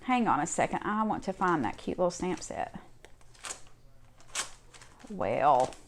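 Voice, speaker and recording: A woman's voice: fairly low pitch, very animated, a little slow, slight background noise. Chatty woman gushing over handmade cards. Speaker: crafting channel host. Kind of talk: casual show-and-tell vlog.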